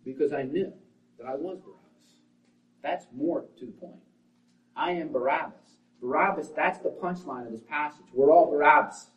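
A man preaching a sermon as pastor, swinging between forceful, loud lines and hushed, quiet ones. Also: on the high side, moderate pace. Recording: roomy, distant, dull sound.

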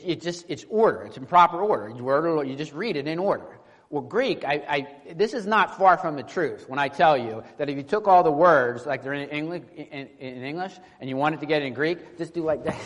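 A man's voice: on the high side, a bit bright. A man preaching a conversational verse-by-verse sermon, restarting his sentences and checking in with the congregation. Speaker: pastor. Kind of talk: expository sermon with scripture reading. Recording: long hall reverb.

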